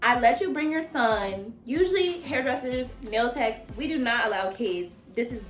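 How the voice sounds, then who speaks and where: A woman nail tech tells a casual storytime in a voice that jumps up and down a lot and sits a bit high. She curses freely and keeps talking straight to her viewers. The room around her sounds echoey. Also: normal speed, soft background music. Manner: animated, profane, addresses viewers as y'all. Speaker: nail technician.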